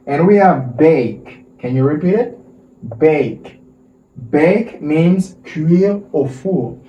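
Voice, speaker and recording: Slow, deliberate teacher. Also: male voice, medium pitch, warm tone. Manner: slow drilling, repeats words and asks for repetition. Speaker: English teacher. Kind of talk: vocabulary lesson for Haitian Creole and French speakers. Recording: roomy, distant mic with faint noise.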